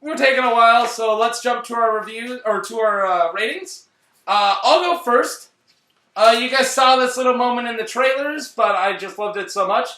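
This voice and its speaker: High sharp guy rambling excitedly about a movie, echoey room, mic kinda far. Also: moderate pace. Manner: excitable, rambling, self-interrupting. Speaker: movie reviewer host. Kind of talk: casual review chat. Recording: roomy, distant mic.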